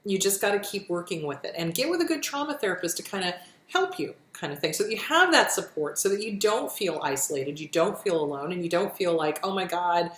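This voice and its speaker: A middle-aged woman giving self-help advice in a casual, gentle, reassuring way, often repeating her phrases and answering questions frankly. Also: on the low side, sing-song, brisk. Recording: roomy echo.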